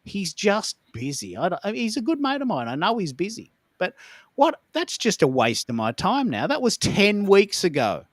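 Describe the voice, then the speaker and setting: Man, co-host, animated and emphatic, a bit high voice, dry close sound. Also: moderate pace, no echo. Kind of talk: casual podcast chat.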